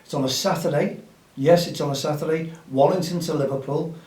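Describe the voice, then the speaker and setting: A man's voice: fairly high pitch, steady tone, a little fast, a little mellow. A man chats in an upbeat, rallying way as host of a grassroots football show. He's outdoors and sounds a little distant from the mic. There's a roomy echo around his voice. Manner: chatty and upbeat, rallying listeners. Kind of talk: casual outdoor podcast chat.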